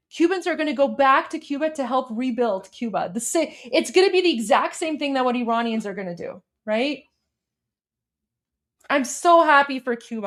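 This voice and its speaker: High-voiced gushing woman livestream host. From Iran. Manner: gushing and excitable, many repeated phrases; addresses viewers as guys. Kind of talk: casual livestream chat.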